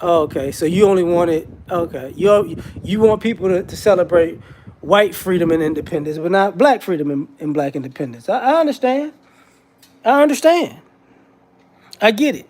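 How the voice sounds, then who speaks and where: High-voiced man ranting casually. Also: brisk, a little hiss or hum. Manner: rambling, repetitive restarts, animated. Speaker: commentator. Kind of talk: casual commentary monologue.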